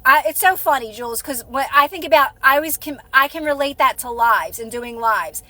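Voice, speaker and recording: A woman's voice: high-pitched, expressive, fairly quick, pushed and bright, no room sound. A woman hosting a live stream, chatting casually and encouragingly with her viewers, rambling and restarting her sentences.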